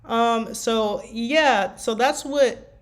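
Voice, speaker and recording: A woman's voice: on the high side, drawn-out words. A tired woman chatting casually about writing her fanfiction, rambling with lots of fillers. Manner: rambling, meandering with many fillers. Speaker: fanfiction writer. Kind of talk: casual chat.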